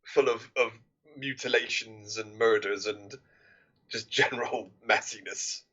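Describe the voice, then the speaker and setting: A man's voice: on the low side, steady tone, measured pace, bright, forceful tone, muffled recording. A man co-hosting a film podcast, chatting casually and often ending points with tag questions. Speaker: podcast co-host.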